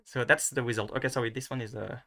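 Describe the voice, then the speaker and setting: A man with a bright, forward voice talks through a casual screen-share lesson. He hesitates often, restarts his sentences and fills the gaps with ums. Now and then he pokes fun at himself. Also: medium pitch, steady tone, quick pace. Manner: hesitant, many restarts and fillers; self-mocking. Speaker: video tutor.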